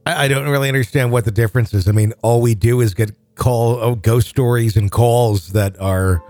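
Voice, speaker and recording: A man's voice: medium pitch, moderate pace, a little mellow, dry recording, faint music behind. A man hosting a call-in show, chatting casually and rambling with many fillers. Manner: easygoing, filler-heavy rambling. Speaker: podcast host. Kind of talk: casual chat.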